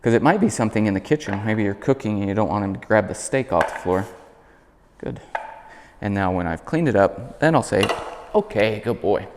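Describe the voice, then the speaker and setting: A man working as a dog trainer, calmly explaining commands while demonstrating them with his dog. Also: brisk, big-room sound, background noise. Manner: calm explaining, high praise voice for dog. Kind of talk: instructional demonstration.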